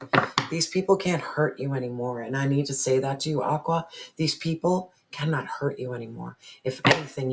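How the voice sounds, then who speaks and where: An intense tarot reader delivering a heartfelt spiritual reading. They hammer points home by repeating lines and sometimes sink into a whisper, with the odd curse word slipping out. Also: mid-range voice. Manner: emphatic, repeats phrases, drops to whispers, swears.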